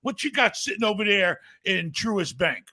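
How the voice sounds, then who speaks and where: An older man hosting a podcast, talking bluntly and profanely, mocking and often shouting. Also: sits high, animated, moderate pace. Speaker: podcast host. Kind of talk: blunt casual chat.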